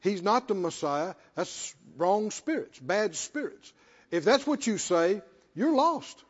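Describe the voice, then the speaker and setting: A man's voice: sits high, expressive, slow pace, breathy edge. A man preaching a sermon in an emphatic, folksy way, repeating himself for effect. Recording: lo-fi with long hall reverb.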